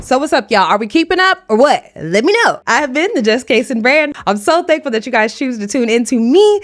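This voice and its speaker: A woman's voice: high-pitched, very animated, fairly quick, hardly any pauses, a little hiss or hum. A woman giving a sassy, slangy recap of a reality show in casual commentary.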